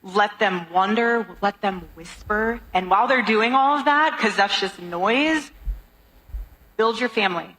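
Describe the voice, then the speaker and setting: A woman's voice: medium pitch, a little slow, a bit bright, rough recording. A woman giving a motivational speech to an audience, exhorting and preachy in tone.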